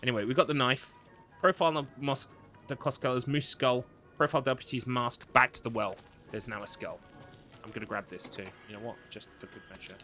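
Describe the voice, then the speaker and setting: A man's voice: mid-range voice, fairly even intonation, a little fast, over music. A man casually talking through his gameplay, swearing now and then and greeting his chat. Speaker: streamer.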